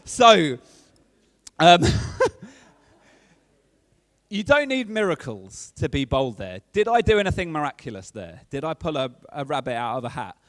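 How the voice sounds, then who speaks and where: A man gives a chatty, playful sermon. His pitch swings a great deal and sits a little high. The sound is close and dry. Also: sing-song, measured pace, pauses often, dry recording. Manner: chatty and playful, keeps checking in with the audience. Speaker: preacher.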